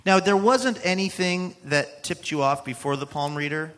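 A man's voice: on the high side, normal speed, a bit bright. A man interviewing a guest, asking curious questions with a dry, wry touch. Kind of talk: conversational interview.

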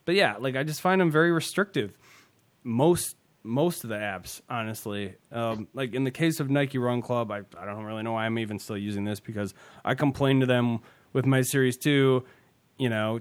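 A man's voice: mid-range voice, moderate pace. A man hosting a casual podcast, rambling and self-deprecating, laughing often as he talks. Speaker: podcast host. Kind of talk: casual tech podcast chat.

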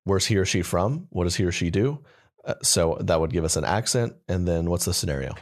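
A man's voice: low-pitched, animated, brisk. A man co-hosting a casual comedy podcast, rambling and playful, at times improvising slam poetry. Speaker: podcast co-host.

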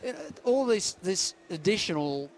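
Brief: man, 60s, higher-pitched, hesitant recollection. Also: expressive, slight background noise. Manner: halting, many fillers and restarts. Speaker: guest, former batsman.

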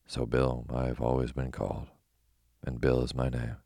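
A man voicing a proud, fussy yellow hen in a storybook reading, prim and easily offended. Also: extremely low pitch, monotone, normal speed, creaky, no room sound, studio quality, exaggerated voice.

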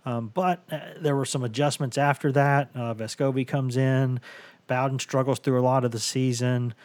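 A man hosting a casual sports podcast from his home office, hoarse and rambling with stammering restarts. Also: medium pitch, fairly even intonation, normal speed, darkish tone, no echo. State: hoarse from bronchitis. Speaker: podcast host.

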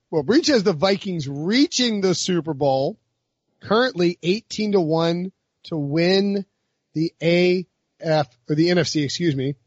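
A man hosting a casual sports betting chat, talking quickly with frequent restarts and laughs. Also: on the high side, husky, no room sound, lo-fi sound. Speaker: podcast host.

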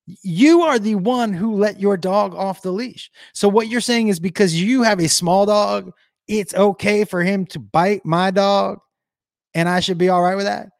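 A man's voice: high-pitched, unhurried, creaky, no room sound, studio quality. A middle-aged man ranting on a casual livestream, telling a story and reading viewer comments with blunt, profane emphasis.

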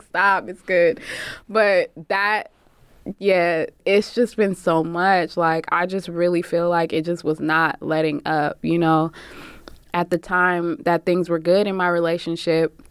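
Woman, candid storyteller, profane, lots of fillers, smooth resonant voice. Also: fairly low pitch, moderate pace, no echo. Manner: frank and profane, many "like" fillers, acts out quoted voices. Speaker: barber and singer telling her story.

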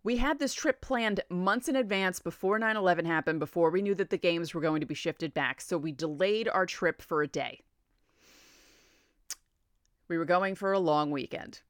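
A woman in her forties, a podcast host telling a story in a chatty, animated way. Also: on the low side, moderate pace, no room sound, studio quality. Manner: animated, chatty, laughs often. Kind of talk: casual storytelling.

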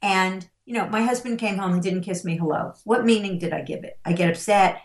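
A middle-aged woman coaching on parenting, speaking in a slow, emphatic storytelling way and slipping into the voices of the people she describes. Her voice sits at a middling pitch, and the room around her is echoey. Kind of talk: interview storytelling.

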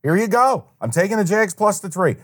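A man's voice: high voice, animated, fairly quick, a bit bright. A man co-hosting a sports betting podcast, talking casually and profanely, often acting out other people's lines with animation.

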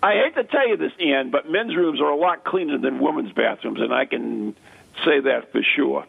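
A man's voice: medium pitch, moderate pace, creaky, slightly rough. A man hosting a radio show, chatting in an easygoing way with many fillers. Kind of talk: casual radio chat. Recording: tinny phone-like line.

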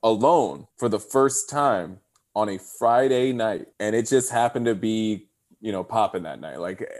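A man in his thirties, a podcast guest on a video call, tells stories in casual chat at a measured pace. His voice is on the low side, and as an animated storyteller he acts out the voices of people he quotes.

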